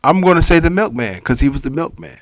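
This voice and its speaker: A man's voice: a little high, quick pace, no room sound. A man co-hosting a podcast, telling stories in casual chat and acting out what people said to him. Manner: animated storyteller, acts out quotes. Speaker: podcast co-host.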